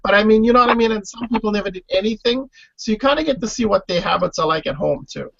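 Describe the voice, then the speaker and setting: Man, gravelly voice, animated storyteller, podcast guest, lo-fi call audio. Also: high-pitched, fast talker. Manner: animated storyteller, shouts when imitating others. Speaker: interview guest, former reality show contestant. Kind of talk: casual podcast chat. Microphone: online call.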